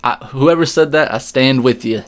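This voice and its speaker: A man's voice: mid-range voice, normal speed. A man co-hosting a podcast in casual chat, blunt and jokey, swearing freely. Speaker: podcast co-host.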